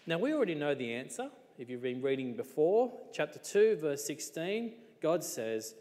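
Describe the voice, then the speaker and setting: Preacher in an echoing hall. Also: male voice, a little high, very animated, moderate pace, darkish tone. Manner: conversational, asks rhetorical questions. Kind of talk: sermon.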